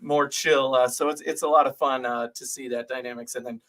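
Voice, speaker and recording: A man co-hosting a sports podcast, telling relaxed, chatty stories. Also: medium pitch, a little fast. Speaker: podcast co-host. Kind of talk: casual sports podcast chat.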